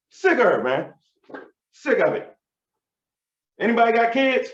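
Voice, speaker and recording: Lively, swaggering stand-up comedian. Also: male voice, extremely high pitch, unhurried, pauses often. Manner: animated, profane, swaggering storytelling. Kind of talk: stand-up routine. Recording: roomy, dull sound.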